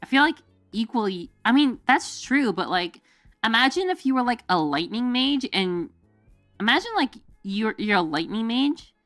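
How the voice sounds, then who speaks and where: A woman's voice: a little high, sing-song, moderate pace, fairly bright tone, no room sound. A woman chatting casually on a livestream, close and dry at the mic. She rambles from one idea to the next, full of fillers and laughing as she goes, with faint music playing underneath. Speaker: streamer. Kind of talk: casual chat.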